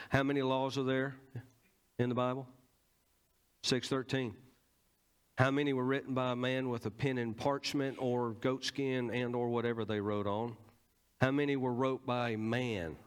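A man's voice: mid-range voice, fairly even intonation, normal speed, long pauses, clean tone. Southern preacher teaching his congregation. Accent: Southern American. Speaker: pastor. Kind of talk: sermon.

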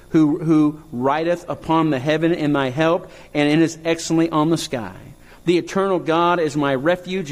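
Guy pastor preaching, gets all fired up and shouty-high, big echoey hall. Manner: preachy, rising to impassioned high cries. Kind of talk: sermon. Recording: long hall reverb.

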